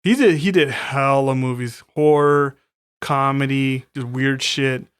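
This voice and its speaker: A man's voice: medium pitch, measured pace, clean tone, no room sound, studio quality. A man co-hosting a podcast, recapping a horror movie in casual, profane chat. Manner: profane, animated storytelling with acted-out quotes. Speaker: podcast co-host.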